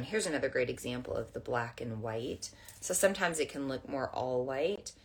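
A woman with a low voice talks gently to a camera in a room at home, teaching spiritual topics. She meanders in a casual way and uses plenty of fillers. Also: slight background noise. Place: indoors at home under overhead lights. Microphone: camera facing her.

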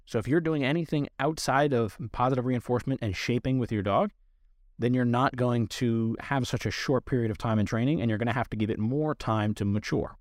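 Male dog trainer, mid-pitched, earnest explainer, dry close mic. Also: brisk, dry recording. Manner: earnest, explanatory, talks to listener directly. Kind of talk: instructional podcast talk.

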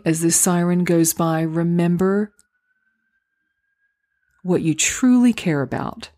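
A woman hosting a solo podcast, talking through acting auditions in a gentle, encouraging, unhurried way. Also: on the low side. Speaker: podcast host and acting coach. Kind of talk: reflective solo podcast talk. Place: home, recorded near a street.

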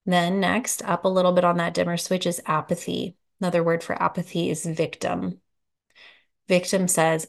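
A woman hosting a reflective solo podcast, a little out of breath, speaking softly and unhurriedly and often restarting as she searches for words. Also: lowish voice, little pitch movement, moderate pace, vocal fry. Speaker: podcast host.

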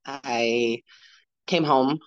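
A woman in her forties, a podcast guest, telling a personal story in a halting way, retelling what people said. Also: extremely low pitch, dry recording, muffled recording. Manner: halting, retells dialogue with "I'm like".

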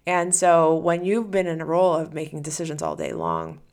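A woman's voice: low-pitched, expressive, moderate pace, darkish tone. A woman hosting a solo podcast as a coach, talking casually and animatedly, acting out the listener's inner voice.

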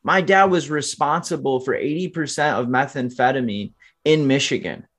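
A man's voice: medium pitch, moderate pace, fairly bright tone. A man in his twenties, a podcast guest, telling his life story in an earnest, motivational way and often turning to the listeners directly. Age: 20s. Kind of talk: candid storytelling interview.

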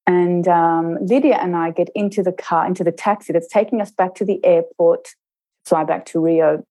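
A middle-aged woman intercultural trainer reflects on her experience in an interview. Her voice sits fairly low and sounds warm and mellow. She talks in a measured way and slows down to stress her points. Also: steady tone, rough recording.

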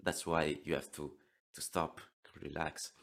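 A man in his thirties with an Italian accent, explaining throat singing in an interview lesson, halting and often restarting his words. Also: a bass voice, little pitch movement, gravelly, fairly bright tone. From Italy. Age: 30s.

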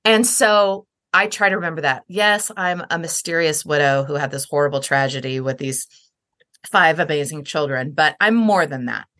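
A woman's voice: low-pitched, moderate pace, fairly bright tone. A middle-aged woman speaking earnestly and reflectively as a podcast guest, livening up when she quotes others. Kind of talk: heartfelt conversation.

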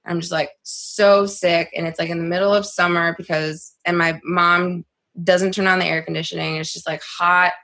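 A young adult woman telling a personal story on a podcast in a casual, animated way, saying "like" a lot and swearing freely. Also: lowish voice, normal speed. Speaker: podcast guest.

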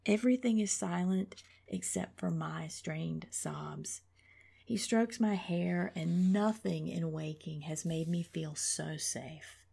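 Gravelly woman reading her memoir. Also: lowish voice, dark tone. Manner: reflective, often dropping to a whisper. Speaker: author.

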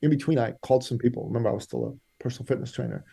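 A man with a mellow, relaxed tone tells his story as a podcast guest. He acts out both sides of each conversation and drives his points home with repeated rhetorical questions. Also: medium pitch, racing, vocal fry, slightly rough. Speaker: guest entrepreneur. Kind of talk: animated storytelling.

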